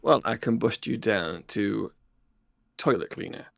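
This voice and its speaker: A blunt military starship captain, as a man puts him on barks curt orders in a gravelly voice. The sound is dry and close. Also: fairly low pitch, animated, unhurried, dry recording. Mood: threatening. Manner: curt and threatening.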